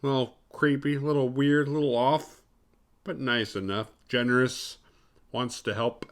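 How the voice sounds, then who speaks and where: A man's voice: mid-range voice, steady tone, normal speed. A man hosting a horror movie podcast, recapping a film in a rambling, profane, sarcastic way.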